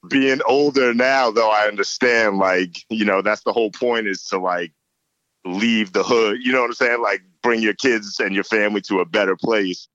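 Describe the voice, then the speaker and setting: Deep-voiced New man telling his story. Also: a little slow, fairly bright tone, no echo, dull audio. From Yonkers, New York. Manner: loose, conversational, many fillers like "you know" and "like". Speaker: interview guest. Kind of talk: casual storytelling interview.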